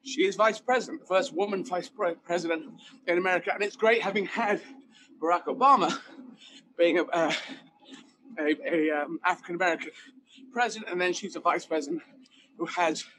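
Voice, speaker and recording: High-voiced man talking over noise. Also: fairly quick, low-quality recording. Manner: animated, emphatic, rambling asides. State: running while talking. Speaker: guest comedian. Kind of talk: conversational interview.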